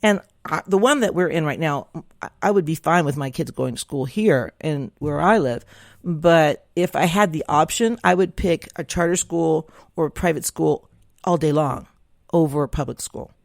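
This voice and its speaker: A woman's voice: deep voice, normal speed, creaky, no echo. Opinionated woman, chatty and dry-sounding. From Southern United States. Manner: opinionated, chatty, rambling with restarts. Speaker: vlogger. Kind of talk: casual monologue to camera.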